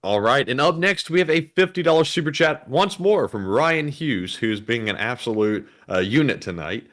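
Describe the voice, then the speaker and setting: A man's voice: medium pitch, animated, normal speed, fairly bright tone. A man co-hosting a livestream, reading out donation messages in a plain, matter-of-fact way.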